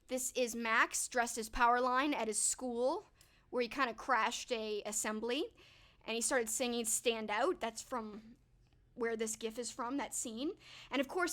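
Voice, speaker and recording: A young woman with a high, bright-sounding voice talks casually to her live stream audience. She is animated and laughs often, and she drifts into goofy voices when she quotes lines she loves. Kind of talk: casual chat to stream viewers.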